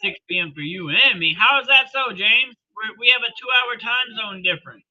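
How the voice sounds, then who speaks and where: A man's voice: high voice, moderate pace, dull audio. A man casually commenting on a live wrestling show for his stream, chatty and joking, laughing often.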